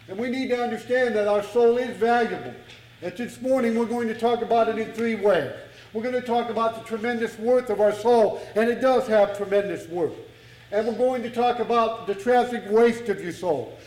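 A man preaching a sermon in a slow, deliberate manner, repeating and stressing his points. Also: sits high, darkish tone, echoey room, low-quality recording.

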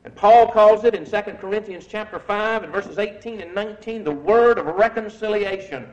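A man preaching a sermon in a measured, emphatic way, reading scripture aloud. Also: high-pitched, darkish tone, highs cut off.

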